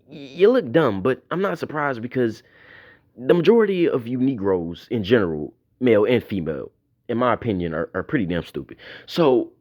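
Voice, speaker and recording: A man's voice: lowish voice, darkish tone. A man delivering a profane, mocking tirade in a commentary video. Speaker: YouTube commentator.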